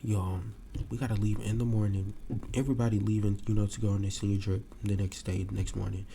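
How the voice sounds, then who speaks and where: A young man hosting a podcast, telling a story casually to a live audience and acting out the quotes with sudden jumps in pitch. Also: little pitch movement, fast talker, gravelly, background noise. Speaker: podcast host.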